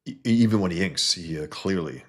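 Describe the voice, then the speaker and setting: A man's voice: sits low, lively intonation, brisk, fairly bright tone. A man reviewing a comic book in casual, rambling commentary, talking to his viewers. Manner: rambling, conversational, many restarts.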